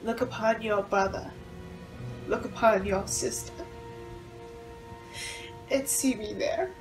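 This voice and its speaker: A woman putting on a gentle, solemn voice, as if a male spirit speaks through her in a spiritual channeling. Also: mid-range voice, slow, close to an everyday voice. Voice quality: soft, gentle. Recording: echoey, distant, over music.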